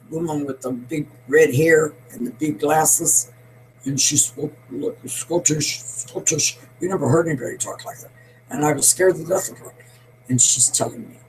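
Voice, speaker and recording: A woman's voice: low-pitched, poor audio. An elderly woman in her eighties delivers an opinionated monologue as a show host. She talks bluntly and emphatically, rambling from point to point. A faint hum sits under her voice. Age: 80s.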